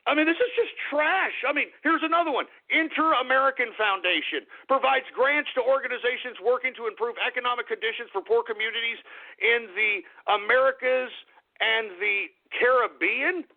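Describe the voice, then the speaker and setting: A man's voice: very high-pitched, normal speed, creaky. A man hosting a political commentary show, reading items aloud and ranting about them with exasperated, sarcastic asides. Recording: tinny phone-like line.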